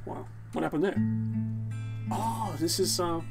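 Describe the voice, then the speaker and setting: Male let's-play host: excitable, sweary, pitched high and bouncing around, game music playing behind him. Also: measured pace, creaky. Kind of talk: casual gaming commentary. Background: game music and sounds.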